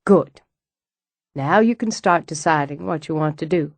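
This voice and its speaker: Brisk, warm-hearted mature woman read by a woman, firm, low, comforting, audiobook. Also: no room sound.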